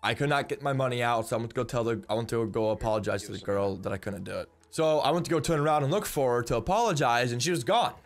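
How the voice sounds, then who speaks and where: A man's voice: medium pitch, quick pace, hardly any pauses. A young man telling a story in a casual, rambling way, often repeating words and swearing bluntly. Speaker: vlogger.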